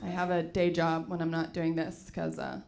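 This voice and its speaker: A woman's voice: deep voice, level tone, moderate pace, creaky, a little mellow. A young woman doing a teasing, self-deprecating stand-up set on a club stage, laughing at her own jokes. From Sweden. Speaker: stand-up comedian. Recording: noisy live club recording. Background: audience laughter.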